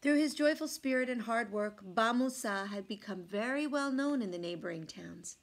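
A woman reading a folk tale aloud from a picture book, expressive, dropping to hushed asides about the illustrations. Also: fairly high pitch, normal speed. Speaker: storyteller.

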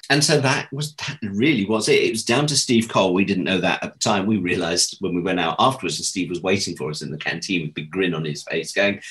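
Low-voiced, lively storytelling man. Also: poor audio. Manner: animated, acts out quoted dialogue with big jumps in pitch; self-deprecating, laughs while telling stories. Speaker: interview guest. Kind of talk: anecdotal storytelling in conversation.

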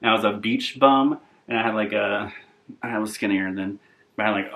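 A man's voice: on the low side, level tone, fast talker, gravelly, fairly bright tone. A young man vlogging in a chatty, rambling, self-deprecating way. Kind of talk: casual rambling vlog.

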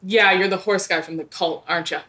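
A young woman acting as a sketch comedy host who talks in a bubbly, gushing way with quick asides. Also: on the low side, fairly even intonation, pushed and bright. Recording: echoey room with faint music.

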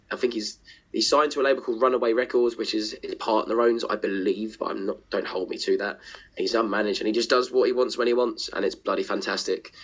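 A man in his twenties talks as a podcast guest, gushing and rambling about music he loves. He swears casually and keeps restarting his sentences in his excitement. His voice sits at an ordinary middle pitch. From Essex, England. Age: 20s. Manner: enthusiastic, rambling, swears freely. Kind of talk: casual chat.

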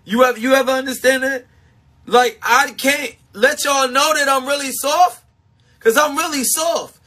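A man livestreaming to his supporters, talking in a confessional, self-mocking way and swinging between shouting and hushed talk. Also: very high voice, moderate pace. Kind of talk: emotional livestream monologue.

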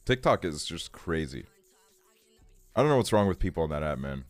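A man's voice: rumbling low, sing-song, normal speed, no echo, soft background music. A man streaming from his bedroom, chatting casually and ranting with constant swearing and fillers like "like". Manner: profane, ranting, lots of fillers.

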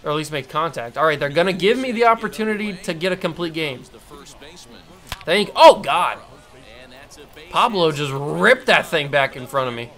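A man's voice: fairly high pitch, lively intonation, normal speed, long pauses, a bit bright. A man giving casual gameplay commentary, talking to himself and prone to frustrated outbursts. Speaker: gamer.

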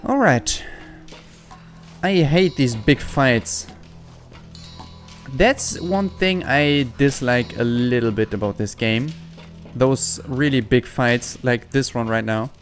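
A man's voice: mid-range voice, slow pace, faint music behind. A man giving let's-play commentary, frustrated and swearing often. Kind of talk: gaming commentary.

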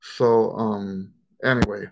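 A man's voice: lowish voice, fairly even intonation, slow pace, vocal fry, background noise. A man hosting a live-stream trumpet question and answer session, thinking aloud in a casual way with fillers and restarts.

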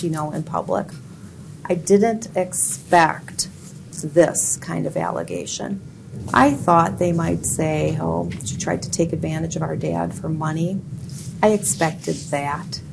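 Speaking in a low, creaky voice, a middle-aged judicial candidate with an Upper Midwest American accent responds to an editorial board in a plainspoken way, firmly and emphatically denying things. The room audio is noisy.

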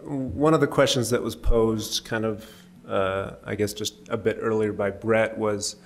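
A man with a low, flat voice gives public comment at a city council meeting. He speaks in a measured way, padded with hesitant fillers. A faint hum runs behind him.

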